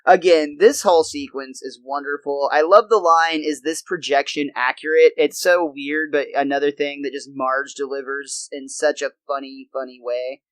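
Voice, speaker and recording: A young man with a fairly high voice recaps a cartoon episode for a podcast, chatty and enthusiastic. The sound is dry and close, with no room behind him. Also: steady tone, normal speed, few pauses, a bit bright, dry recording, poor audio. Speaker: podcast co-host.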